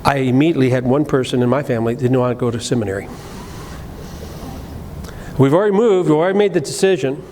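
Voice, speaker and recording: A middle-aged man preaching a sermon, telling a personal story, moving between loud emphatic lines and low quiet asides, with frequent restarts. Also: fast, pauses often. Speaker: pastor. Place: church sanctuary. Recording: live church recording with long reverb and faint room noise.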